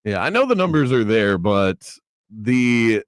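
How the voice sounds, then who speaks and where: Animated sports radio host. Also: male voice, on the low side, a little slow, dry recording. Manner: animated, argumentative, restarts.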